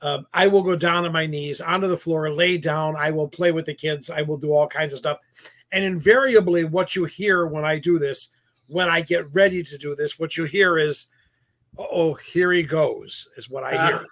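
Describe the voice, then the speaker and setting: Male host, Santa performer, chatty and self-deprecating, slightly high bright voice. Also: steady tone, normal speed. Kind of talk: casual storytelling chat.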